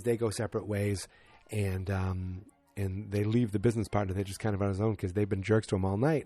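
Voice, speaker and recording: A man's voice: lowish voice, dark tone, no room sound. A man on a podcast casually retelling a sitcom episode, rambling with restarts and fillers and briefly acting out the characters' lines. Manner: rambling, restarts, lots of ums, acts out quotes. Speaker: podcast co-host.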